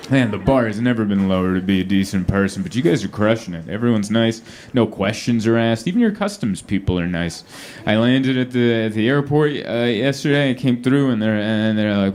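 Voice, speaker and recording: A man's voice: fairly low pitch, fairly quick. A man performing a stand-up comedy set on a club stage, acting out the voices of the people in his stories. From United States. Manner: animated, acts out quoted voices. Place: comedy club stage before a laughing crowd. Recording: live club with loud crowd laughter.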